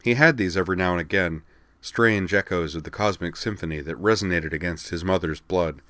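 Deep male narrator, steady reading, close dry sound. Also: a little fast, no echo. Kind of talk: scripted narration.

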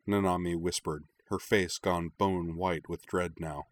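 A man narrating a story aloud in a measured, quiet way. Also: low voice, fairly even intonation. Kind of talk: reading fiction aloud.

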